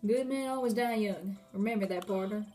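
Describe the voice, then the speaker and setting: A woman's voice: mid-range voice, brisk, warm tone, faint music behind, natural voice. A woman voicing a swaggering male cowboy police officer with a put-on Texan drawl and folksy sayings.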